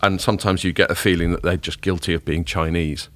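Low-voiced podcast host. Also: male voice, quick pace, no room sound. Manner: relaxed, chatty, opinionated. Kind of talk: casual podcast chat.

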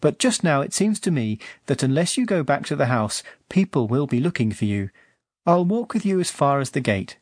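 An age-old fairy speaks calmly with a knowing air, as a male reader plays him in an audiobook. The sound is dry and close. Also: a little high, normal speed, no echo. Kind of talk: audiobook reading.

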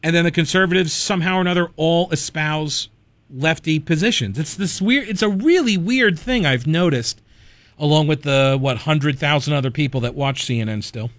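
A man's voice: on the high side, normal speed, a bit bright, dry recording. A man hosting a talk radio show, giving conversational commentary full of digressions and wry asides.

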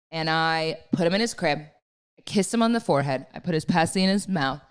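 A woman in her thirties co-hosting a podcast, telling a story in animated casual chat with lots of fillers. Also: low voice, fairly quick, smooth. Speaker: podcast co-host.

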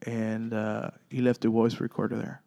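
A man who leads a paranormal investigation group, telling stories in a halting way with many fillers and acting out the dialogue. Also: fairly low pitch, flat delivery, creaky, dark tone. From Texas. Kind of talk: storytelling guest chat.

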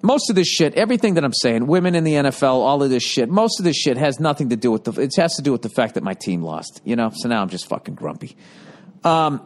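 A man's voice: medium pitch, big pitch swings, fast talker. A middle-aged man hosting a casual, profanity-heavy monologue, ranting and self-deprecating. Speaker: comedian and podcast host.

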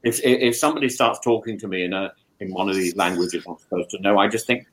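A man chatting as a guest, talking with many stammering restarts and animated opinions. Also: low voice, quick pace. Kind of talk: casual discussion.

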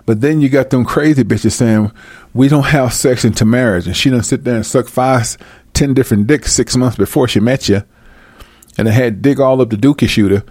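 A man's voice: medium pitch, fairly quick, a little mellow, no room sound, clean studio sound. A man ranting comedically to his viewers, profane and slangy, breaking into laughter often. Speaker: commentator. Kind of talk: comedic rant to camera.

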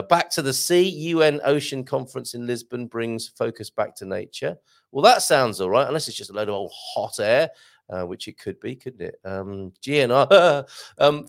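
A man's voice: mid-range voice, gravelly. A man hosting a casual live show, reading out viewer comments and chatting, often interrupting himself and laughing at his own jokes.

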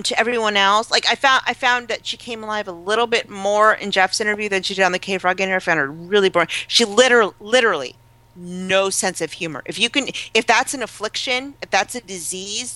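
A woman chatting casually as a podcast co-host, animated and gossipy, acting out the people she quotes. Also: mid-range voice, fairly quick, dry recording. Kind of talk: casual chat.

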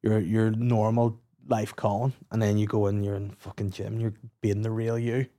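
A man's voice: fairly low pitch, flat delivery, normal speed, warm tone. A man with a Northern Irish accent, hosting a comedy podcast and telling crude, rambling anecdotes full of swearing. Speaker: podcast host. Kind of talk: casual comedy banter.

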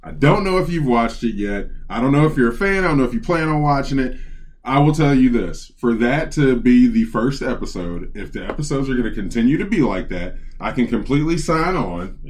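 A man co-hosting a podcast, chatting casually. He rambles and swears constantly, and he grows excitable as he tells his stories. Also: mid-range voice, brisk. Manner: profane, rambling, excitable storyteller. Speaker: podcast co-host. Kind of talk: casual chat.

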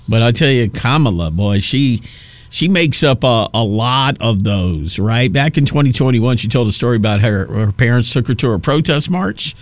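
A man's voice: mid-range voice, dry recording. Brief: male radio talk host, mocking and sarcastic, dry close studio sound. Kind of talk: opinionated talk radio monologue.

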